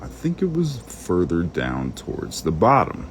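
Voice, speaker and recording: A man's voice: low-pitched, huge pitch swings, a little slow, slight background noise. A man rambling while he searches through documents on screen, muttering to himself and cursing under his breath. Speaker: channel host. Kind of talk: rambling screen-share monologue.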